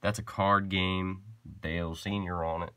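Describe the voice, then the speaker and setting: A man's voice: low-pitched, little pitch movement, measured pace, pushed and bright, clear, resonant tone, no room sound. A young man casually showing his diecast car collection to viewers, rambling, correcting himself and joking as he goes. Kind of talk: casual chat to camera.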